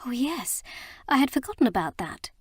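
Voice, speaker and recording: A woman's voice: high voice, sing-song, normal speed, husky, dry recording, voice pushed up, exaggerated voice. A woman voicing an earnest young bride. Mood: wondering. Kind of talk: audiobook character reading.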